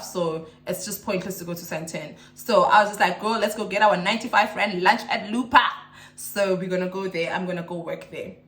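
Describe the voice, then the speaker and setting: A South African mother in her thirties talks to the camera in a chatty, emotional, rambling vlog. Her voice is lowish, and the room sounds echoey.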